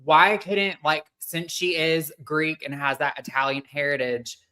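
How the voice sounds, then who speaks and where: A man's voice: a little high, steady tone, a little slow, sharp tone. A man co-hosting a casual recap podcast, emphatic and opinionated. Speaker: podcast co-host.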